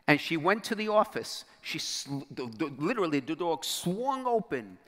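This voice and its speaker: A middle-aged bishop preaches a storytelling sermon to a youth crowd in a large convention hall, where the sound reverbs long. His voice is on the high side and a bit bright, with big pitch swings, normal speed, and hardly any pauses. He dramatically acts out the dialogue and drops almost to a whisper at key moments.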